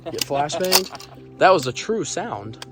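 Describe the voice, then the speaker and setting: Playful whooping man, lively pitch. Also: slow pace, loud music behind the voice. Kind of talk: casual banter. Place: outdoors.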